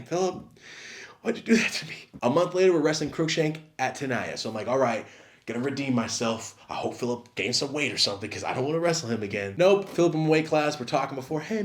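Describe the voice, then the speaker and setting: A young man telling a funny story from his school days, acting out the quoted lines with big swings in pitch and loudness. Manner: acts out quotes with big jumps in pitch and volume. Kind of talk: animated comedic storytelling.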